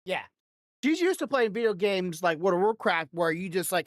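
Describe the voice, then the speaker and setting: A woman's voice: on the low side, animated, normal speed, dry recording, clean studio sound. A woman hosting a podcast in loose, rambling casual chat, swearing freely and laughing often into a desk microphone. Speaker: podcast host.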